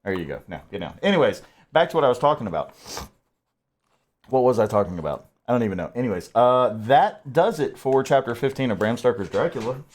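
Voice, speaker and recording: A man's voice: medium pitch, animated, brisk. A man chatting casually and rambling, stammering as he talks to his dog. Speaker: audiobook narrator and streamer. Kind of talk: casual chat.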